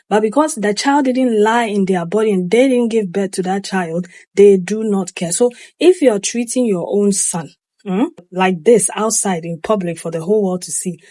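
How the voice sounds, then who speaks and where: Slow, mellow-voiced woman, dry sound. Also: medium pitch, no room sound. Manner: slow, deliberate, critical. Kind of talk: commentary video.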